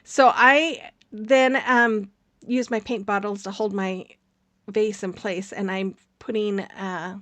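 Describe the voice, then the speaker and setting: A middle-aged woman casually narrating a craft tutorial, chatty and rambling with soft laughs and ums. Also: medium pitch, steady tone, slow pace, no echo. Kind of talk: casual DIY voice-over narration.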